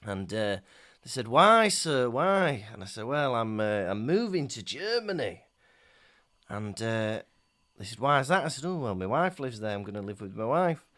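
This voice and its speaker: A man's voice: medium pitch, sing-song, moderate pace, a bit bright. A young man, co-hosting a casual podcast chat and telling jokey stories. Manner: jokey, chatty storyteller with frequent laughs and fillers. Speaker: podcast co-host.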